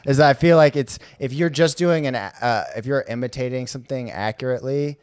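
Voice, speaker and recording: A man's voice: medium pitch, fairly quick, a little mellow, clean tone, no room sound, studio quality. A man co-hosting a casual podcast chat, rambling and laid-back with lots of fillers. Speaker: podcast co-host.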